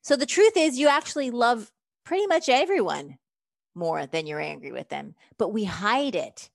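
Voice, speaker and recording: A woman relationship coach, speaking as an interview guest, lively and emphatic, acting out quoted lines as she explains her method. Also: fairly high pitch, normal speed, vocal fry, no room sound, clean studio sound.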